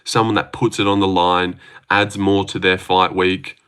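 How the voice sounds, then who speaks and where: A man's voice: deep voice, flat delivery, moderate pace, a bit bright, clear, resonant tone. A young man hosting a casual livestream, reading chat aloud and joking around with plenty of swearing. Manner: sweary, joking, laughs often.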